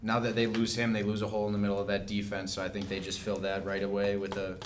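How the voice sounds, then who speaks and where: Low-voiced young man explaining his pick. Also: completely flat delivery, quick pace, background noise. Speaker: panelist. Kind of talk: casual group chat.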